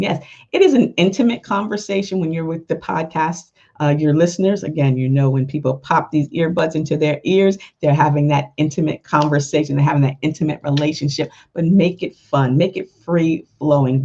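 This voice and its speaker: A woman's voice: low-pitched, vocal fry, dark tone, slightly rough, dull audio. A woman hosting a podcast, giving casual, chatty advice with lots of "you know" asides. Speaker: podcast host.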